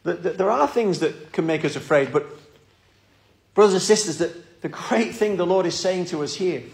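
A man's voice: high-pitched, normal speed, creaky. A man preaching a sermon in a church, earnest and pleading, often repeating his words.

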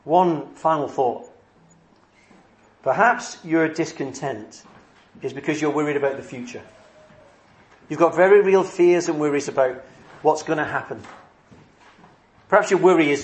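Earnest preacher with a slightly high voice. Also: male voice. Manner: earnest, shifting between brisk and slow emphatic phrasing. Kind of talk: sermon.

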